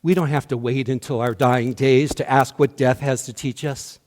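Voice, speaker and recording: A man delivering a sermon as minister, slow and measured, his voice often dropping to a hush at the ends of lines. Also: mid-range voice, fairly even intonation, long reverb tail. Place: church sanctuary.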